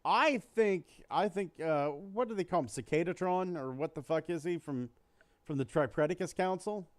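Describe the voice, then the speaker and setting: A man with a slightly high voice speaks at a moderate pace, co-hosting a casual podcast. He's chatting crudely about toys, telling a vulgar joke and doing voices for its characters.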